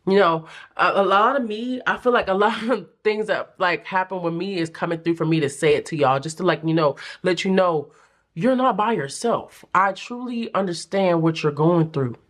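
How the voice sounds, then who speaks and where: A young adult woman giving a casual pick-a-card tarot reading, chatty and animated, with playful slang and frequent laughs. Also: lowish voice, normal speed. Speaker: tarot reader.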